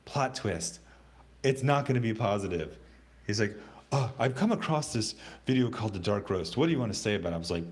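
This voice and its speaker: Man on a livestream, lowish voice, casual, halting, lots of ums and restarts. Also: expressive. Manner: rambling, halting, many fillers and restarts. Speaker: livestream host reading chat.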